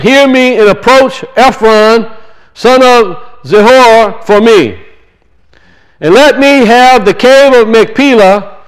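A man's voice: very high-pitched, smooth, low-quality recording. A man preaching a sermon, teaching through rhetorical questions and emphatic repetition.

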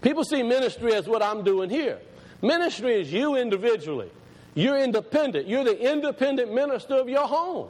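A man preaching a sermon in a conversational way, repeating phrases for emphasis and slowing down to read scripture aloud. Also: extremely high pitch, lively intonation, darkish tone, long reverb tail. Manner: slows and rises when reading scripture aloud.

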